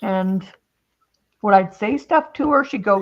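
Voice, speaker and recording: A woman's voice: medium pitch, expressive, measured pace. Woman, casual chat, storyteller, quotes people, laughs often, slightly dull lo-fi sound. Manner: storytelling, quoting others, frequent laughs. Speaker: craft stream host.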